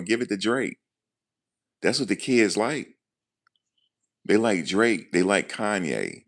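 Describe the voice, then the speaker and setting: Speaking slowly with frequent pauses, this man has a fairly low, slightly bright, animated voice. He hosts a live stream, keeping things casual and jokey as he comments and responds to chat.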